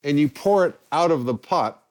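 An older man from England, a guest telling anecdotes in a lively way and acting out the people he quotes. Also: on the high side, moderate pace. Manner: lively, acts out quoted voices. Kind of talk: anecdotal storytelling.

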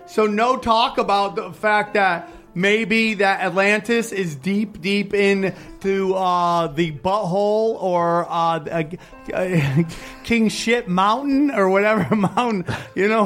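A man's voice: high-pitched, slow, fairly bright tone, soft background music. A man hosting a casual podcast, trading jokes and playful banter. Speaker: podcast host.

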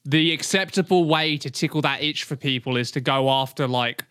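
A man's voice: medium pitch, normal speed, fairly bright tone, clear, resonant tone, no echo, clean studio sound. A man co-hosting a podcast, bantering playfully and joking with friends. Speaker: podcast co-host. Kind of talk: casual banter.

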